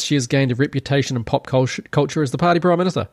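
A man's voice: mid-range voice, lively intonation, fast, few pauses, no room sound, studio quality. A man hosting a solo opinion podcast, talking in a sarcastic, rambling way. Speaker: podcast host.

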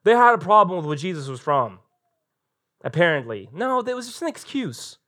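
A man with a high-pitched voice preaching a live church sermon. He tells the story with animated energy and slips into voices for the quoted lines. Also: moderate pace. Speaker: pastor. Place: church sanctuary, recorded live.

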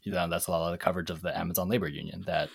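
A man's voice: low voice, steady tone, rapid-fire, gravelly, slightly rough. A man co-hosting a casual panel discussion, working through ideas in a thoughtful, hedging way. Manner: thoughtful, hedging, many fillers. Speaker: podcast co-host.

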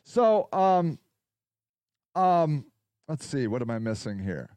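A man's voice: fairly high pitch, sing-song, slow pace, darkish tone, clear, resonant tone, no echo. A male podcast host in a rambling, casual livestream chat, reacting to viewer comments as he goes.

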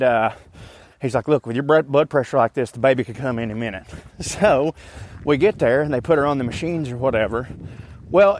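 A man's voice: a little high, slight background noise. Winded man chatting on a walk. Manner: chatty, laid-back, joking. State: out of breath. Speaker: podcast host. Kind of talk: casual walking update. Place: outdoors on a walk. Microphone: phone mic instead of usual microphone.

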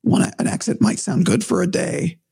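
A man talking in a casual, thoughtful, rambling way, with a gravelly, husky voice. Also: high-pitched, moderate pace, warm tone, no echo. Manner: thoughtful, rambling, restarts often. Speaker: broadcaster, podcast guest. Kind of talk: casual conversation.

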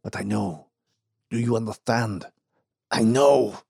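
Storybook villain: a man playing a frail, vengeful old mine owner, wheezy, low and hushed, dark-toned. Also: slow, creaky, slightly rough, dry recording, clean studio sound, exaggerated voice. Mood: bitter, suspicious. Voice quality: weak, wheezy, coughing.

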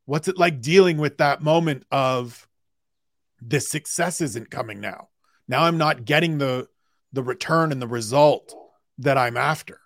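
A man's voice: mid-range voice, measured pace, no echo, clean studio sound. A man hosting an interview podcast, asking long, conversational questions. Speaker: podcast host.

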